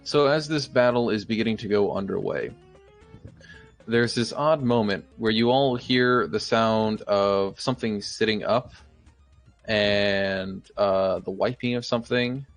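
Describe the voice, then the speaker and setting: A man's voice: on the low side, a little slow, faint music behind. A man narrating as dungeon master in a loose, chuckling way, swearing casually now and then. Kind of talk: narrating a tabletop game.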